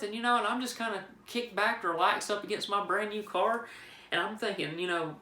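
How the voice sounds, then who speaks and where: A vlogger tells a personal story in a high, brisk, bright, forceful male voice, rambling and joking with frequent restarts. The room is roomy and echoey.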